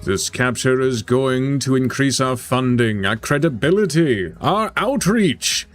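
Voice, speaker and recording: Guy playing a smooth power-hungry boss agent in a tabletop game, bossy and persuasive, lively pitch. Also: measured pace, faint music behind, lightly acted. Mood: commanding.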